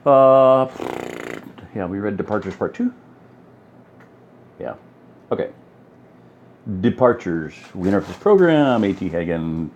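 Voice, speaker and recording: A man reading a story aloud in a relaxed, informal way, breaking off for offhand asides and apologies. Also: fairly low pitch, unhurried, long pauses, lo-fi sound, slight background noise. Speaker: audiobook reader.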